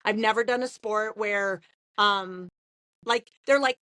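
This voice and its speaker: Woman, 30s, podcast co-host; chatty, animated storyteller; mid-pitched, dry close mic. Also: slow, no room sound. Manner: animated storytelling, frequent "like" and laughs. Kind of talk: casual podcast chat.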